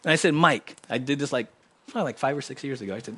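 A man preaching a sermon in church, swinging from loud emphatic lines to quiet, low asides. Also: quick pace, slightly rough. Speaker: pastor. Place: church sanctuary.

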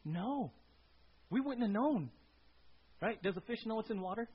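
A man's voice: high-pitched, animated, normal speed, slightly rough. A man preaching a sermon in a conversational way, asking his listeners questions and tagging his points with "right?". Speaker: pastor. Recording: dull lo-fi sound.

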